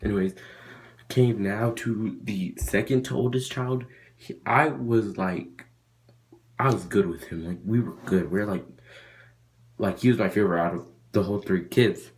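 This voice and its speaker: A man's voice: on the low side, moderate pace. A young man vlogging a casual story, rambling with lots of fillers and restarts.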